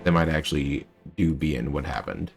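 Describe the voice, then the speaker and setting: A man's voice: extremely low pitch, animated, brisk, vocal fry, over music. A man with a General American accent, streaming a game playthrough and thinking aloud as he works through clues. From United States. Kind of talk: live game playthrough commentary.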